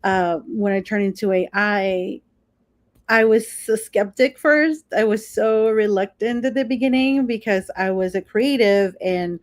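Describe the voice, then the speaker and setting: A woman's voice: mid-range voice, no echo. A woman guest talking casually and emotionally about her work as a branding expert. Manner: effusive, emotional, quick asides. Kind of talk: casual interview chat.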